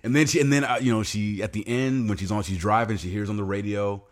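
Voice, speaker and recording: A man co-hosting a podcast, chatting casually and getting animated and excited, with some swearing. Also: lowish voice, fast talker. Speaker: podcast co-host. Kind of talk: casual chat.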